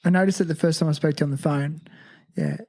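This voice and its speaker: A woman's voice: sits low, quick pace, dark tone. A woman hosting a casual interview, asking chatty, curious follow-up questions.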